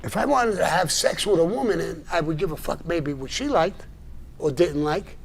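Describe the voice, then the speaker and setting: An older man holds forth on a live stream, cursing freely and pushing back hard at a critic. His voice sits somewhat high for a man, and his delivery is blunt and combative, broken by short gruff laughs. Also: normal speed. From New York. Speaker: live show host answering viewer messages. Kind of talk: blunt livestream monologue.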